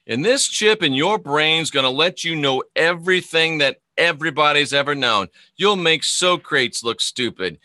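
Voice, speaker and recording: A man doing a hushed, coaxing serpent tempter. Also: a little high, no room sound. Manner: coaxing, repetitive promises, hushed. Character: seductive serpent tempter, male, smooth-talking.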